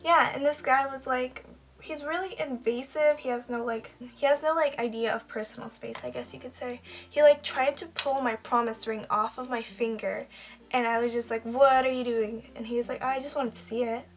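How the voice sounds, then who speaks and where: A young woman chats to her camera in a casual storytime, her voice sitting a touch higher than most. She rambles easily, filling her sentences with "like" while she does her makeup. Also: fairly even intonation, normal speed. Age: young adult. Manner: chatty, lots of "like" fillers. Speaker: beauty vlogger.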